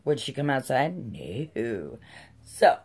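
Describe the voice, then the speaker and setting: A woman's voice: extremely low pitch, very animated, takes it slowly, a little mellow, slight background noise. A middle-aged woman telling a personal story in a casual, profane, heated way.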